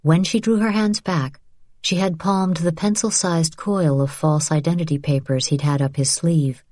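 A woman narrating an audiobook in a low, dark voice, measured and steady. The sound is dry and close, with no room around it. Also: dry recording. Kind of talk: scripted narration.

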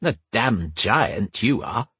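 A man's voice: mid-range voice, big pitch swings, a little slow, husky, no room sound. A male narrator voicing a grumpy, grey-haired old cobbler who talks bluntly and grumbles. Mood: snappish. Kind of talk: audiobook character voice.

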